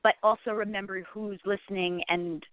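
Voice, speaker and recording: A woman's voice: mid-range voice, steady tone, normal speed, dry recording. A chatty actress talks over a phone line that sounds thin and tinny, her voice dry with no room sound. She rambles with plenty of fillers and restarts. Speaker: actress, guest. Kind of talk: call-in interview chat.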